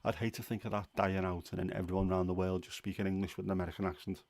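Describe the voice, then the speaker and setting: Chatty man, low dry voice. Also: level tone, very fast, a little mellow, dry recording. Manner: chatty, opinionated, rambling with fillers. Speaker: livestream host. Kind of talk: casual livestream chat.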